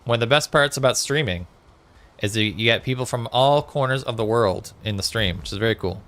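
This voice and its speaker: A man's voice: medium pitch, brisk, fairly bright tone. Chatty male game streamer. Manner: chatty, reads out chat, frequent fillers. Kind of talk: casual live-stream chat while gaming. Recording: faint music behind.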